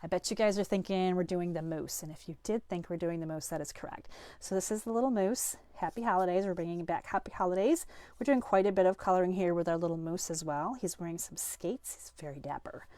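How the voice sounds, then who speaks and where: A middle-aged woman leads a live-streamed card-making class, her voice on the low side, quick and dark-toned in a dry recording. She's chatty, upbeat and self-deprecating, and a little sniffly as she gets over a cold.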